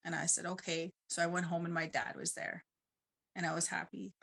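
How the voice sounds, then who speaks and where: A woman's voice: fairly low pitch, level tone, brisk, creaky, bright, forceful tone. Woman telling a personal story, rambling. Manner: casual and rambling, uses 'like' a lot. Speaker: conference panelist.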